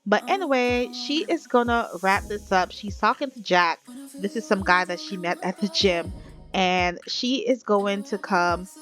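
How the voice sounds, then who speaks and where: A woman's voice: medium pitch, unhurried, fairly bright tone, soft background music. Chatty woman narrating a life-sim game. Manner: chatty, talks straight to viewers. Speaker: gaming vlogger.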